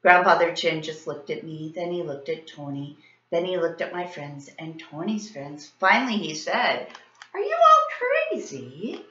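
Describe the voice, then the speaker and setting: Female teacher, expressive children's read-aloud; echoey, slightly muffled recording. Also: low-pitched, moderate pace. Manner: expressive, animated storytelling. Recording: roomy, slightly dull sound.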